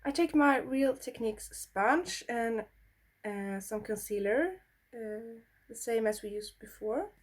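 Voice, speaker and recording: Slow-talking Swedish-accented woman. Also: a little high, animated. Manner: blunt, swears freely, chatty. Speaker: beauty vlogger. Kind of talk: casual makeup tutorial chat.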